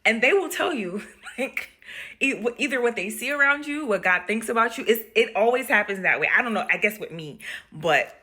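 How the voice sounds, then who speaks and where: Animated, bright-voiced woman telling stories. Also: a little high, brisk. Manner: animated, laughing, acts out voices. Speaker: hospice nurse. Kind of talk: casual storytelling vlog.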